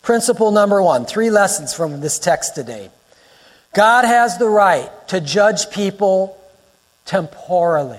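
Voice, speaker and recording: A male pastor delivers a fervent sermon in a high, lifted voice. He hammers his points home with repeated phrases and swells toward shouting. His words ring out with a long reverb through the church sanctuary. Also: animated, measured pace. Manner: emphatic, rising to near-shouts, repeats phrases for effect.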